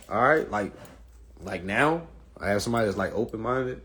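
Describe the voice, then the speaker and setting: A young man talking straight to his live-stream viewers from his phone, blunt, swearing freely, and animated. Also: normal speed, long pauses. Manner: mocks women in a high falsetto. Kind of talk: casual monologue to viewers.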